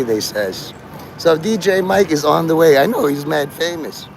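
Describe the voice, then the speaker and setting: A man's voice: fairly high pitch, expressive, moderate pace, a little hiss or hum. A man rambling and swearing on a live stream from a city street, talking to his chat in a strained voice he says is normal for him. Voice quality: gravelly, strained voice he calls his normal one. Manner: rambling, profane, free-associating, talks to chat. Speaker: livestreamer.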